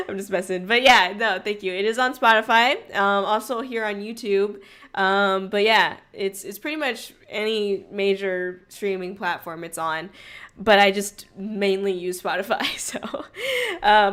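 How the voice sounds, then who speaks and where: A young woman hosting a casual livestream, bubbly and chaotic, greeting her chat loudly and laughing often. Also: fairly high pitch, clear, resonant tone. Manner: frequent laughter. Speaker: streamer host.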